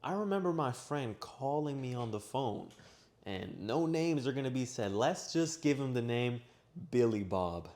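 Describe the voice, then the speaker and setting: Animated young man telling a story. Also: mid-range voice, unhurried. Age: young adult. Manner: animated, acts out his own shouting in quoted lines. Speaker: vlogger. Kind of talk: personal storytelling. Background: washing machine running.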